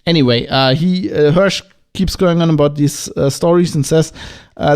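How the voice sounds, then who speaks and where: A man with a German accent hosts a solo podcast. His voice sits a little on the high side. He talks casually but with agitation, throwing out profane rhetorical questions. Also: moderate pace, a little mellow, clean tone. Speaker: podcast host.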